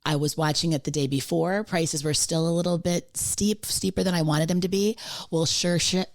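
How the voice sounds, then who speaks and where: A woman in her forties co-hosting a podcast, telling stories in an animated, laughing way, her voice a bit worn from a late night. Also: lowish voice, moderate pace. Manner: animated storyteller, laughs often. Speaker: podcast co-host. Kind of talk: casual chat.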